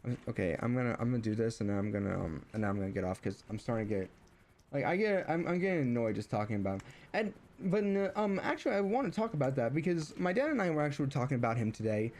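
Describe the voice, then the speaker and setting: A man's voice: medium pitch, lively intonation, fast, darkish tone, a little hiss or hum. A young man streaming, ranting casually about family, rambling with many restarts and fillers and rising when riled. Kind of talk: casual rant while streaming.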